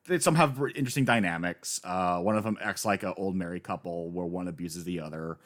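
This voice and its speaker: Guy on an anime podcast, gets hyped fast then drops low, just chatting. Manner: animated, excitable, swings from quiet to loud. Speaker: podcast co-host. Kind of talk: casual anime discussion.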